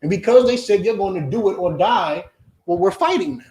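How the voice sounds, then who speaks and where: A blunt, forceful man preaching a confrontational lesson, and he keeps hammering his points home with repeated questions. His voice sits fairly high for a man. It rings around a reverberant room. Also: animated, brisk. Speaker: Hebrew Israelite teacher.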